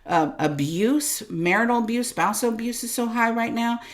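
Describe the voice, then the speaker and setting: A woman guest on a podcast interview, telling her story in an animated way, acting out her own thoughts and swinging between quiet and loud. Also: fairly high pitch, moderate pace. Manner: animated, acts out voices of herself and God, swings loud and soft. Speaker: guest, business coach.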